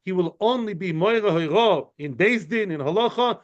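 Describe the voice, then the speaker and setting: In a muffled lo-fi recording, a man with a high-pitched voice and lively intonation speaks at normal speed. He teaches an informal Talmud study class, explaining chattily with plenty of asides and taking questions from his students.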